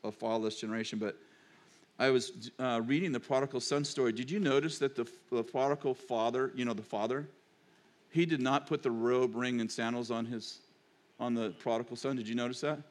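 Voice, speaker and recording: A man's voice: medium pitch, steady tone, a little fast. An older man, a pastor and grandfather, preaching a sermon in a chatty, digressive storytelling manner.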